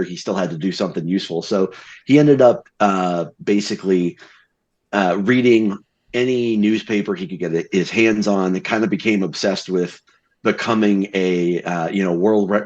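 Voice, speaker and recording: Low rambling man, lo-fi mic. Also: moderate pace, a little mellow. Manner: rambling, laughing easily. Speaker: tabletop game player. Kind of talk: describing his character. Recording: dull lo-fi mic.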